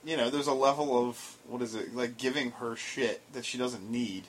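A man's voice: mid-range voice, steady tone, moderate pace. A man in casual chat, blunt and teasing, arguing his point with frequent swearing. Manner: blunt, teasing, argumentative, profane.

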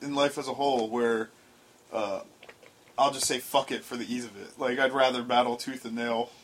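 A man's voice: mid-range voice, level tone, moderate pace, slight background noise. A man co-hosting a casual podcast, ribbing his friend with dry sarcasm. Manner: dry, teasing banter. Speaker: podcast co-host. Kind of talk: casual chat.

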